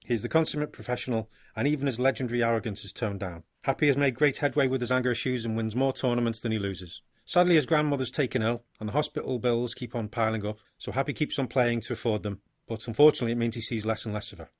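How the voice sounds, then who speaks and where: Man calmly narrating a dark story. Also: medium pitch, quick pace, hardly any pauses, no echo. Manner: steady storytelling, dry laughs, short agreeing replies. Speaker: podcast co-host. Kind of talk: casual chat, narrating a made-up story ending.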